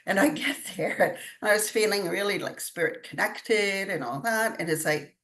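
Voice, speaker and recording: A woman's voice: medium pitch, moderate pace, hardly any pauses, fairly bright tone. An older woman chatting in an interview, telling stories with frequent laughs. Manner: chatty storytelling, laughs often. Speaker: guest, intuitive channeler. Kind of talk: casual interview chat.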